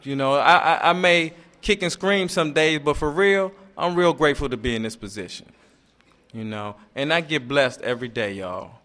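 A middle-aged man sharing his personal testimony at a recovery meeting, halting and earnest, often repeating words as he gathers his thoughts. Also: a little high, a bit bright.

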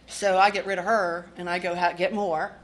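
Telling her recovery story, this woman from the D.C. area is frank and blunt, swearing and cracking wry jokes along the way. Her voice sits fairly low, and she speaks at a moderate pace with a flat delivery against slight background noise.

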